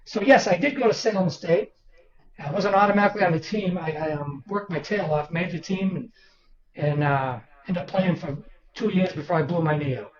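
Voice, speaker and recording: Pitched high and talking fairly quickly, an older man from Boston, Massachusetts tells stories as an author guest in an interview. His anecdotes are animated, with quoted people acted out, and the audio is roomy, distant and dull against a background crowd.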